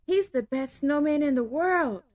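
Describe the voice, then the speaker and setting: A woman voicing an eager young male bear cub who cries out with excitement. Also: sits high, a little slow, no room sound, clean studio sound, voice pushed up.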